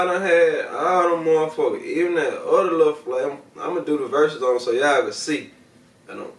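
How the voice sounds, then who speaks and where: A man's voice: on the high side, a bit bright, far from the mic. Profane rambling man in an echoey room. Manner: rambling, profane, talks straight to viewers. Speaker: video host reviewing smoking products. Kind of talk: casual slang-heavy vlog chat.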